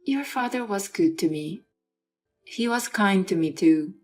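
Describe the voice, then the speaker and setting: A fed-up young wife with a broken arm speaks, voiced by a woman reading a dramatized story. The delivery is plain and brisk, pitched at an ordinary middle height. It stays level and read-aloud rather than acted. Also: expressive, a little mellow, faint music behind, natural voice.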